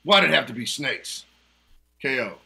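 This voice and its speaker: A man's voice: mid-range voice, animated, moderate pace, creaky, bright, forceful tone. A man hosting a casual trivia night over a video call, teasing players and laughing often. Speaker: trivia host. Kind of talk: casual online game hosting. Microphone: video call mic.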